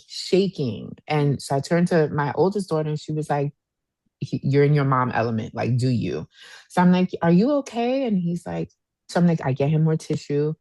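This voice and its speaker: A woman in her thirties co-hosting a podcast, telling a story in a casual, animated way and acting out what people said. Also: low voice, no echo. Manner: animated storyteller, acts out quotes, says "y'all". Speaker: podcast co-host.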